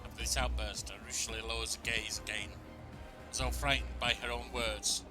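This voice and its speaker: A man plays through a role-playing game and reads its narration aloud. His delivery is plain and even, with small stumbles and restarts. Game music plays clearly underneath. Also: medium pitch, moderate pace. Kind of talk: let's play, reading game text aloud.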